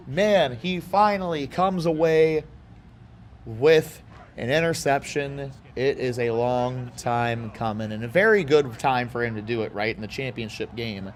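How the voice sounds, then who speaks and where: A man from Houston giving casual, rambling commentary as he plays a football video game, with excited outbursts and side chatter. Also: medium pitch, unhurried. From Houston, Texas. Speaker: gaming YouTuber.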